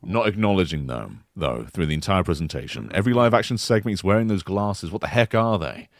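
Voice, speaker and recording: A man co-hosting a podcast in casual chat, pitching an imagined game console like an animated storyteller. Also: fairly quick, dry recording, clean studio sound. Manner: animated storyteller who slips into silly voices. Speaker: podcast co-host.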